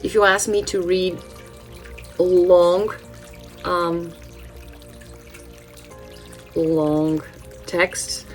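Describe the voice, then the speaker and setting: A woman's voice: lowish voice, fairly even intonation, very slow, pauses often, soft background music, poor audio. A Brazilian-born woman in her thirties, a native Portuguese speaker with a mixed British and Californian English accent, chatting casually through an oracle card reading with many ums and restarts. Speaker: channel host, spiritual card reader.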